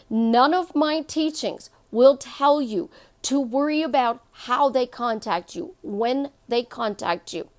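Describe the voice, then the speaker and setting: Middle-aged woman, life coach, high voice, emphatic and repetitive motivational talk. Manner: emphatic, repeats phrases for effect. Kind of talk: motivational monologue.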